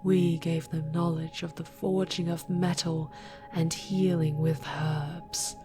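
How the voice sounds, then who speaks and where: A woman voicing an ancient, sorrowful fallen angel in a hushed, half-whispered whispered role-play, slow and solemn. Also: deep voice, little pitch movement. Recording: music playing behind. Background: music.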